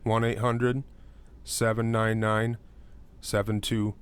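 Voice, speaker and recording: Young male podcast co-host, low voice, rambling casual banter, filler-heavy. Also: flat delivery, slow, clear, resonant tone. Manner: loose and rambling, many fillers, breaks into high mocking voices. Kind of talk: casual true-crime podcast chat.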